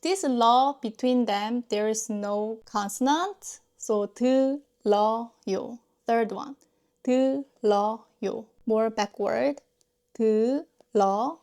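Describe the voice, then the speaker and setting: A woman with a Korean accent, a native Korean speaker, teaching a pronunciation lesson patiently and repeating example words slowly. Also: a little high, a little mellow. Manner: patient, demonstrates sounds with slow repeated drills.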